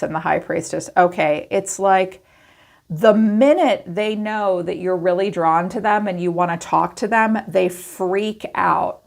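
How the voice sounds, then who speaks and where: A woman giving a chatty tarot reading to camera, acting out quoted thoughts in animated asides. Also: fairly low pitch, vocal fry. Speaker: tarot reader.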